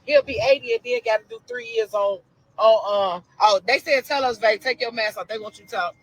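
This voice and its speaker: A woman's voice: on the high side, brisk, poor audio. A middle-aged woman with a Chicago accent, a grieving mother talking emotionally on a livestream and repeating phrases over and over. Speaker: victim's mother.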